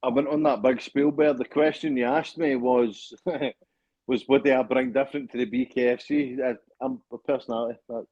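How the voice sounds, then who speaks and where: A man's voice: medium pitch, fairly even intonation, moderate pace, darkish tone, breathy edge, dry recording, dull audio. A Scottish man, a fighter being interviewed, talking in a boastful, joking way and swearing a lot. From Scotland. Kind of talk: casual interview chat.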